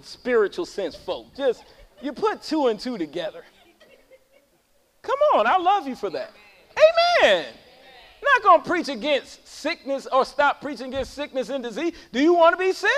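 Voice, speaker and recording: High-voiced preacher in a reverberant church. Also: male voice. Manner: call-and-response preaching, swings from loud high calls to low talk. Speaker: pastor. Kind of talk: sermon. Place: church sanctuary.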